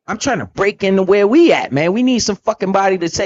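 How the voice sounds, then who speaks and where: A man's voice: high voice, animated, quick pace, hardly any pauses, lo-fi sound. A man hosting a casual, profane talk about investing, blunt and emphatic with lots of slang. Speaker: podcast host.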